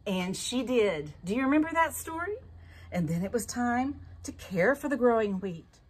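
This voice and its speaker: A woman telling a story to children in an animated way, often asking the listeners questions. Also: a little high, normal speed, slightly rough. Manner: lively, animated storytelling with asked questions to kids.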